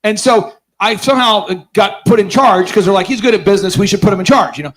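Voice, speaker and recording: Energetic sarcastic man telling stories on stage. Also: high-pitched, fast talker. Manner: energetic, sarcastic, acts out voices in his stories; keeps quizzing the audience. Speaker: business conference host. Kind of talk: live seminar storytelling to an audience.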